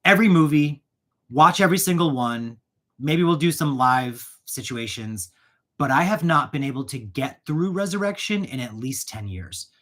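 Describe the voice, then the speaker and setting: A man's voice: on the high side, moderate pace. Man ranting animatedly about movies. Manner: animated, ranting, goes off on tangents. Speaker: channel host. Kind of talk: casual chat while gift wrapping.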